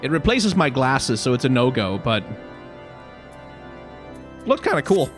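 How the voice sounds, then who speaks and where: Wry gamer guy chatting over gameplay, animated voice, music faint behind. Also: medium pitch, unhurried. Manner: wry, jokey. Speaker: let's play streamer. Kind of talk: casual gameplay commentary.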